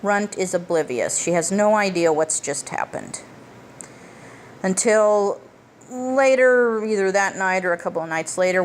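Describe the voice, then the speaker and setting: This movie reviewer's low-leaning voice comes with a bit of hiss or hum in the background. She gives a relaxed, profane, blunt rundown of a film's plot, adding emphatic asides along the way.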